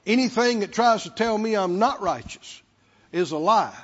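A man's voice: high voice, expressive, moderate pace, a bit bright. A man preaching a sermon as pastor, stressing words through repetition and prompting the congregation to respond. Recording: dull lo-fi sound with long hall reverb.

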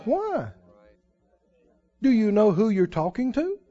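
A man preaching with a very high voice and a slow, deliberate pace. He swings his pitch widely from phrase to phrase. The muffled, lo-fi recording takes the top off his sound. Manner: animated preaching, mimics wailing prayers. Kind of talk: sermon.

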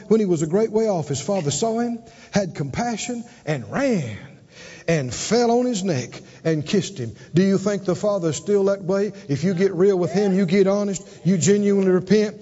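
Casting: emphatic man preaching, very high voice, echoing hall. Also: warm tone. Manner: emphatic, call-and-response, dramatic swings in pitch and volume. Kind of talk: sermon. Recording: dull recording with long hall reverb.

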